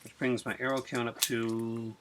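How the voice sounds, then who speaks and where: Hosting a casual unboxing vlog, this man rambles excitedly and fills his speech with fillers, sounding cold after being out in the rain. He has a medium pitch and a moderate pace, with background noise behind him.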